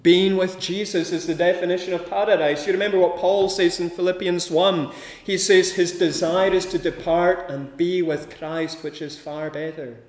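A man's voice: high-pitched, level tone, normal speed, reverberant. A man preaching a sermon with a rhythmic delivery, building his points through emphatic repeated lists.

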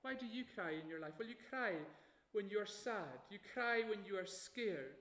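A man preaching a sermon, measured and emphatic, slowing down to stress key phrases. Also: sits high, expressive, fairly bright tone, roomy sound.

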